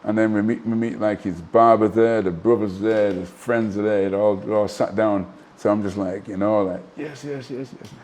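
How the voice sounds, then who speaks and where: A middle-aged man recounts his stories in a casual interview. His voice is dark and mellow, and his delivery is animated and full of asides and restarts. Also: fairly low pitch, moderate pace, hardly any pauses. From Manchester, England. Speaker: guest, former professional boxer.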